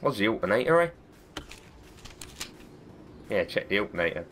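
A man's voice: lowish voice, big pitch swings, normal speed, fairly bright tone, slight background noise. Man with a cold, swearing. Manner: chatty, swears often, self-mocking. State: has a cold. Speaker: gaming video host. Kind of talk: let's-play commentary.

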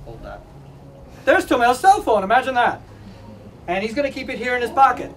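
Man, high-voiced presenter teasing schoolkids, laughs a lot; distant mic. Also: wildly swooping pitch, a little fast, background noise. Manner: teasing, jokey, laughs often. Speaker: museum presenter. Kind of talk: playful classroom demonstration for children. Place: school room with children.

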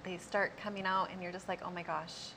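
A woman's voice: fairly low pitch, flat delivery, brisk, bright, forceful tone, a little hiss or hum. A woman co-hosting a casual chat, encouraging and affirming. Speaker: co-host.

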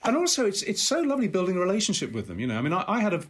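An older man, a guest on a podcast interview, telling family anecdotes in an animated way, with many restarts and acted-out voices. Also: sits high, rapid-fire, background noise. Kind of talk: anecdotal storytelling.

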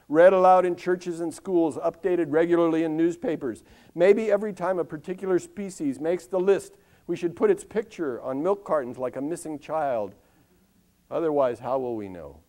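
An older man performing a wry, ironic comic monologue on a live stage, delivered like a newscast with dramatic pauses and long lists. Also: on the high side, mellow. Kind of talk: comic spoken-word monologue with news-style delivery.

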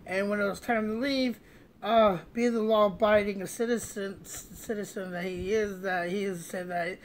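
A man's voice: high voice, steady tone, normal speed, slight background noise. Rambling male comic storyteller. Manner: rambling, many restarts and fillers.

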